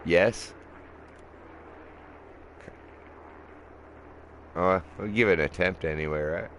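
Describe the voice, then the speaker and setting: A man with a low, slightly bright voice takes it slowly while giving casual, profane commentary as he plays a flight combat game. He rambles and laughs often, and game noise plays in the background.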